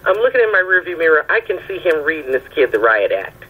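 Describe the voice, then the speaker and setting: Husky low-voiced woman on a phone line. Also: fast. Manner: lively anecdotal storytelling, checks in with "right?" and "okay?". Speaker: caller telling a story. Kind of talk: casual phone storytelling.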